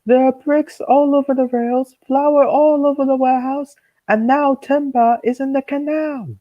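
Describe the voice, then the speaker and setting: A man voicing a stern, cross male railway controller, doing a British imitation with a high, strained scolding voice. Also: fairly even intonation, unhurried. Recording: dull lo-fi stream audio.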